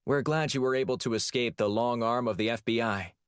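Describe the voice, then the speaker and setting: A man voicing a crisp, eager young female analyst giving a briefing. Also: mid-range voice, fairly quick, no room sound, studio quality, voice pushed up, lightly acted.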